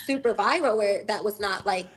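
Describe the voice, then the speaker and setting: Woman, interview guest, defensive, rambling, average pitch. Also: normal speed, poor audio. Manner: defensive, rambling explanations with fillers. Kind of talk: interview conversation.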